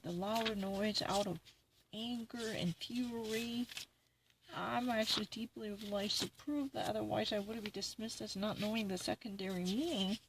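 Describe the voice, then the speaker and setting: A woman's voice: medium pitch, very noisy. A woman reading dictionary definitions aloud and arguing over them with herself, grumbling and indignant.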